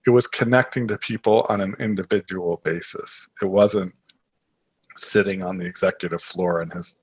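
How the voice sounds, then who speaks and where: Husky, low-voiced man telling a story. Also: normal speed. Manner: rambling, animated, many filler phrases. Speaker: guest, author and investor. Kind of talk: casual interview storytelling.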